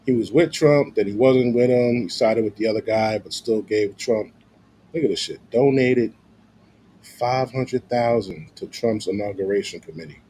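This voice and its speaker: A man's voice: on the low side, normal speed, warm tone, slight background noise. A man streaming casual, profane commentary, slangy and loose with lots of filler.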